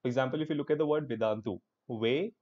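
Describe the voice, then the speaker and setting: Upbeat Indian English teacher, lo-fi audio. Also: male voice, medium pitch, racing. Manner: upbeat, encouraging, mixes Hindi into English. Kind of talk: live online class.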